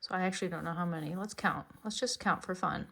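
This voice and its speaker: A woman's voice: on the low side, fast, creaky, sharp tone. A woman teaching beginners to cast on knitting stitches, explaining each step in a chatty, encouraging way. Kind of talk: casual tutorial narration.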